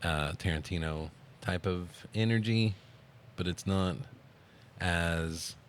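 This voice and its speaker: Low-voiced guy cohost, laughs a lot, bit of faint hiss behind him. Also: takes it slowly. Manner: laughs a lot, adds short agreeing remarks. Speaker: podcast co-host. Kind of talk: casual movie review chat.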